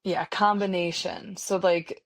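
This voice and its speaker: A woman's voice: on the low side, level tone, unhurried. An American woman hosting a podcast, chatting casually with lots of fillers like um and like. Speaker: podcast host. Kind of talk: casual conversation.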